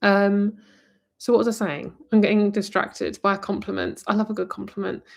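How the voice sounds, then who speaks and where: A woman's voice: mid-range voice, little pitch movement, normal speed, vocal fry. A woman from near London with a southern English accent, giving a rambling, chatty live-stream tarot reading and calling the viewer "my lovely". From England, near London. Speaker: tarot reader.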